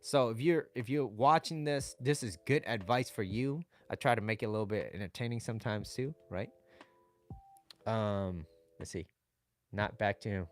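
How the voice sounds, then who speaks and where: A man's voice: lowish voice, moderate pace. A man giving casual dating advice to his viewers, blunt and swearing, reading their chat comments aloud.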